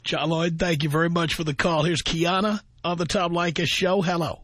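A man hosting a call-in radio talk show, arguing points quickly and repeating words to press them. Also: a little high, steady tone, fairly bright tone, dry recording.

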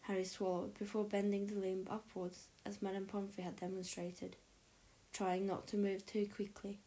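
A woman narrates a story aloud in a soft, breathy voice. Her tone is mellow and warm, with a gentle, unhurried reading manner. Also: mid-range voice, level tone, rough recording. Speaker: audiobook narrator. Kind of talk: reading fan fiction aloud.

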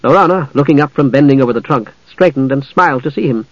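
A man narrating a fantasy novel in a measured, even storytelling manner. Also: mid-range voice, no echo, muffled recording. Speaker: audiobook narrator.

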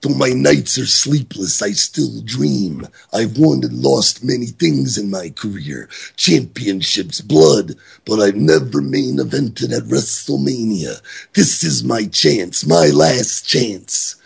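A man putting on the voice of an intense, gravelly pro wrestler, delivering a dramatic promo with drawn-out lines. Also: mid-range voice, expressive, full character voice. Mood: brooding.

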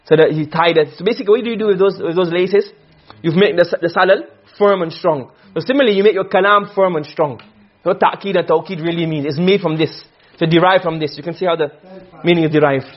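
A man lectures a class at speed, his voice high-pitched and a little husky. He keeps stopping to quiz his students. The recording is dull and low-fidelity. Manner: quick, questioning students often, mixing Arabic terms. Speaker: teacher of Arabic rhetoric.

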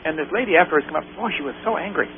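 A man hosts a call-in radio show, fairly high-pitched for a man and joking his way through anecdotes. The sound is thin and phone-like, with a faint hiss underneath. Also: expressive, very fast. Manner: jokey, tells anecdotes with put-on quoted voices.

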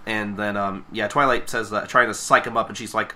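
A man's voice: fairly low pitch, steady tone, brisk, pushed and bright, slight background noise. A man co-hosting a podcast, recapping a comic in a rambling casual way, swearing offhandedly. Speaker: podcast co-host. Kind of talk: casual comic review chat.

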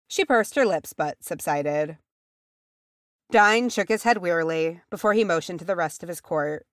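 A woman's voice: lowish voice, normal speed, no echo, clean studio sound. A woman reading a fan fiction chapter aloud as an audiobook, shifting her voice for the characters. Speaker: audiobook reader.

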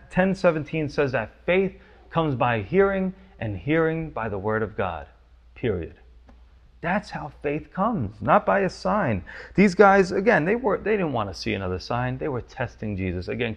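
A man's voice: fairly high pitch, sing-song, moderate pace, gravelly, highs cut off. A man preaching a sermon, teaching verse by verse with emphatic, urgent questions. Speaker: pastor.

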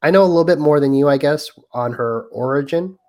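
A man co-hosting a casual movie podcast, talking in a relaxed way and checking his notes. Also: a little high, brisk. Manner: relaxed, reads from notes with fillers. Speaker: podcast co-host. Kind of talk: casual chat.

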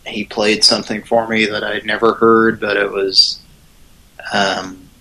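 A man's voice: fairly low pitch, level tone, unhurried, pushed and bright, poor audio. A man co-hosting a live show, chatting in an easygoing, conversational way. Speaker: co-host. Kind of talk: casual chat.

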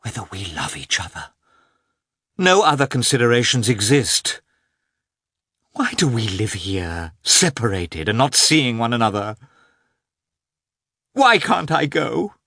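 A fiery young noblewoman, as a male narrator puts her on, her voice pitched well above his own and loud with passion. She swings widely in tone, crying out and pleading by turns in a clear, bright voice. The room sounds dry and close. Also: very animated, unhurried, pauses often, no room sound, heavily acted. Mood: impassioned. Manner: impassioned, pleading.

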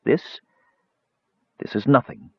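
A man's voice: slow, natural voice. A man voicing an earnest, secretive male dwarf juggler who speaks cryptically, on a dull lo-fi recording. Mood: cryptic.

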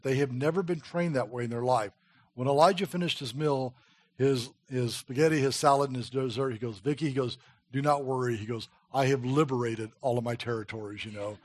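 A middle-aged man, a missionary preacher, telling stories in a sermon with a husky voice, dropping low and quiet on grim details. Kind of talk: sermon storytelling.

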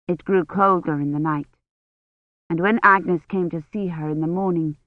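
Woman reading an audiobook, steady, sounds like over a phone, dead dry. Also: fairly low pitch, moderate pace, no echo, narrow, tinny audio. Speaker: audiobook narrator. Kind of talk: scripted narration.

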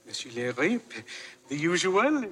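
An actor playing a gushing French restaurant chef in a film, speaking with a French accent and a fussy, fawning manner. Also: male voice, a little high, sing-song, unhurried, sharp tone, heavily acted.

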